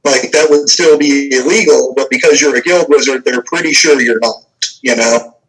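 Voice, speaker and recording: A man's voice: medium pitch, normal speed, a bit bright, husky, rough recording. A young man narrating a tabletop game as game master, casual and hesitant, full of fillers.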